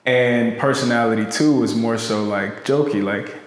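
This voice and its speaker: A man's voice: medium pitch, normal speed. Man in a very echoey room. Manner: slangy, loose storytelling with fillers. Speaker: podcast co-host. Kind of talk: casual conversation. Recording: very echoey long-reverb room.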